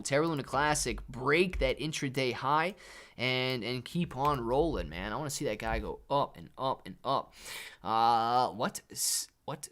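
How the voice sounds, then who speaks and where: A man's voice: mid-range voice, fairly bright tone. Male livestream host, easygoing and chatty, reads chat aloud between casual market talk. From Ohio, USA. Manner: laid-back, reads chat aloud, calls viewers man and dude.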